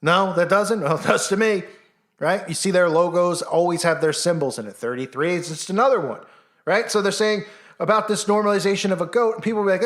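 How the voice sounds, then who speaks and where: A man's voice: high-pitched, brisk, fairly bright tone. A man hosting a commentary vlog, ranting in a scornful, sarcastic way and firing off heated rhetorical questions. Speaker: channel host.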